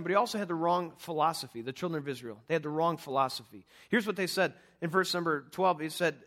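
A middle-aged man preaching a sermon in a conversational, animated way, acting out voices from the Bible story. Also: a little high. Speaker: pastor.

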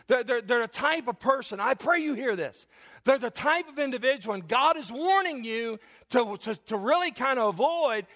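A pastor in his forties preaches in a high, tenor-ish voice. He is emphatic and folksy, pausing for effect and talking straight to his congregation with homespun asides. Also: a bit bright. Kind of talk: sermon.

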